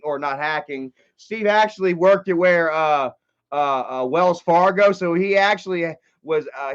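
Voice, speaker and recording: A man hosting a casual livestream, reading chat and commenting in an excitable, profane way that swings from loud outbursts to low muttering. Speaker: livestream host. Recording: dull lo-fi stream audio.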